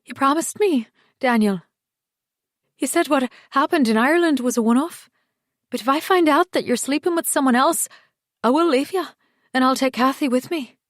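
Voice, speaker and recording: A woman's voice: high voice, moderate pace, no room sound, studio quality, voice pushed up, natural voice. Woman voicing a suspicious, hurt wife. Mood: accusing. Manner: anxious, accusing, pleading.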